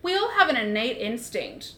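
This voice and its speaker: A woman voicing a scruffy male gibbon in improvised comedy, rambling with excitement. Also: moderate pace, reverberant, exaggerated voice. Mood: eager. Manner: excited, rambling, high-pitched. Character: scruffy male gibbon, bug-grooming advice giver.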